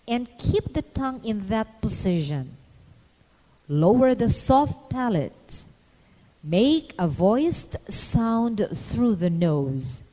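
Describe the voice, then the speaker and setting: A woman narrating a scripted phonetics lesson in a measured, instructional way, pausing to demonstrate each sound. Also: fairly high pitch, mellow, in a large hall, rough recording. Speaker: phonetics teacher.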